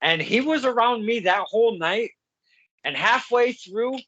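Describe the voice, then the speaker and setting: A man hosting a casual podcast interview, telling stories in a halting way as he searches for words. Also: very high voice, expressive, pushed and bright, no room sound, dull audio. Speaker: podcast host.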